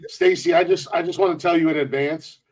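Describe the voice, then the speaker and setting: A man's voice: fairly high pitch, steady tone, fairly quick, background noise. A man co-hosting a rowdy comedy podcast, teasing the others, swearing and laughing a lot. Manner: teasing, laughs often, profane. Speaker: podcast co-host.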